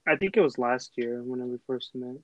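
A man's voice: medium pitch, expressive, moderate pace, dry recording, lo-fi sound. A young man from Texas, hosting a casual chat and telling a long, rambling story full of fillers and restarts. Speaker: host.

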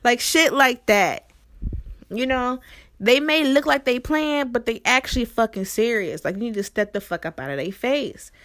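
A young woman vlogger telling a story in a casual, profane and animated way, with an exasperated edge. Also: on the high side, moderate pace.

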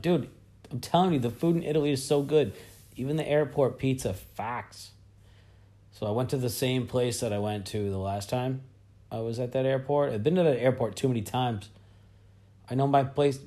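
A man's voice: mid-range voice, a little mellow. A man hosting a podcast, telling a travel story in a casual, profane style that swings into heated ranting. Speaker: podcast host.

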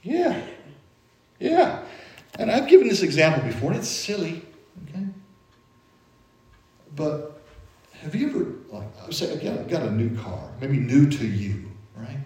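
A man's voice: a little high, sing-song, a little slow, pauses often, a little mellow, echoey room. A middle-aged man preaching a sermon in a conversational, folksy way, full of everyday stories.

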